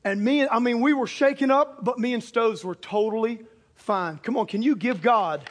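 A man, a pastor, preaching a sermon built around a personal story, talking animatedly and breaking into shouts at the big moments. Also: very high voice, moderate pace. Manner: animated, bursts into shouts for punchlines. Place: church or auditorium with a live congregation.

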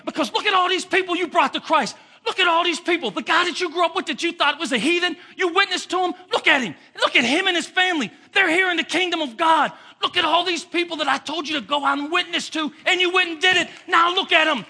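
A pastor giving a sermon, preaching with emphatic repetition and swinging between loud and hushed delivery. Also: male voice, very high-pitched, fast.

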